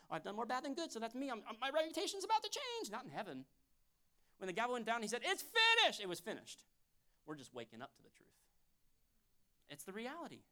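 A pastor delivering a sermon in church, talking conversationally and fervently, dropping to a hush and then rising loud again. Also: male voice, sits high. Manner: fervent, conversational preaching that swings from hushed to loud.

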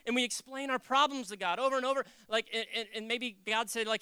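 A preacher giving a casual, animated sermon, jumping into acted quotes and joking with the congregation. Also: medium pitch, quick pace, hardly any pauses, smooth, no room sound. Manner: animated, acts out quotes, jokes. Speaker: pastor. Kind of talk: conversational sermon.

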